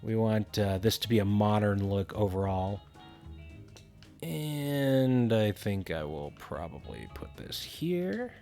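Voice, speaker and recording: A man's voice: on the low side, lively intonation, slow pace, gravelly, mellow, soft background music. A man casually narrating a building game tutorial, thinking aloud with frequent fillers.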